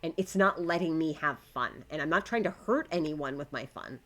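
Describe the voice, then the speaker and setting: This woman's voice sits low, with lively intonation and a moderate pace. Building on a live stream, she chats easily with viewers and with the game itself, letting out swears when frustration hits.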